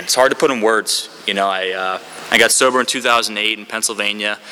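A man's voice: sits low, sharp tone, slight background noise. A man speaking at a recovery meeting, sharing his story in a candid, rambling way with many fillers. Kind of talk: candid personal share.

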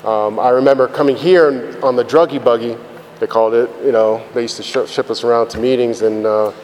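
A man's voice: mid-range voice, fairly even intonation, fairly quick, a little mellow. A man giving a blunt, profane personal testimony about his recovery, rambling with lots of fillers. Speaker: speaker sharing his recovery story. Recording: reverberant hall with faint background noise.

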